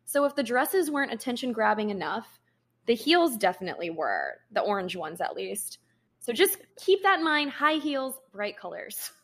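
Young female podcast co-host. Blunt, emphatic, swears, slightly high voice. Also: very animated, normal speed, a bit bright. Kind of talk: casual storytelling chat.

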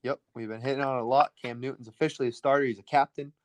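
Fast-talking man rattling off sports picks. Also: mid-range voice, steady tone, dry recording. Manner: rapid-fire, rattles through picks. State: out of breath. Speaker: sports podcast co-host. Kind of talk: casual sports betting chat.

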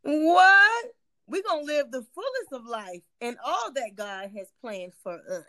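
A woman from Virginia co-hosting a podcast in casual chat, animated and emphatic, laughing often. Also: on the high side, normal speed. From Hampton, Virginia. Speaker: podcast co-host.

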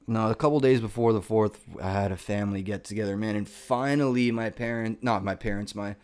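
A young man, a comedian, ranting casually and profanely, rambling with lots of filler words and exasperation. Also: lowish voice.

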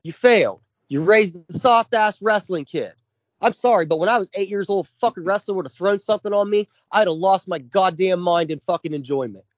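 A man's voice: high voice, fairly quick, no room sound, dull audio. A man in his forties co-hosting a podcast, ranting with constant swearing and heavy emphasis. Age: 40s. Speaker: podcast co-host. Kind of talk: casual chat.

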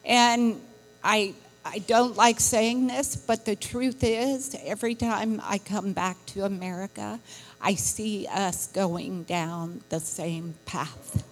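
A woman's voice: medium pitch, big-room sound, faint music behind, low-quality recording. A woman from England, a missionary's wife giving an earnest testimony at church. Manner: earnest, slow, breathy. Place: church sanctuary.

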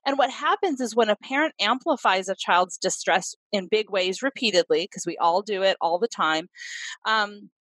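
A woman's voice: medium pitch, moderate pace, fairly bright tone, no echo, poor audio. A middle-aged woman, a clinician and parenting expert, talks earnestly in a podcast interview and acts out examples as she explains.

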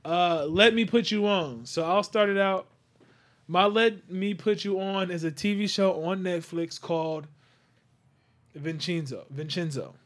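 A man's voice: high-pitched, unhurried. A man hosting a casual podcast, chatting loosely and telling stories with acted-out quotes. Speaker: podcast host. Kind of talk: casual chat.

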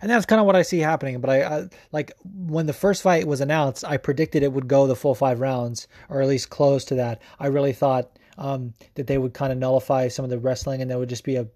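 A man's voice: medium pitch, fairly even intonation, fairly quick, hardly any pauses, darkish tone, no echo, studio quality. A young man hosting a podcast, giving casual, profane sports commentary full of fillers. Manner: loose and profane, lots of fillers. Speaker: podcast host.

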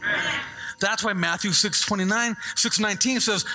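A middle-aged man preaching a sermon as a pastor, telling stories with lively asides and checking in with the congregation. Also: high-pitched, normal speed, a little hiss or hum. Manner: animated storytelling with call-and-response asides.

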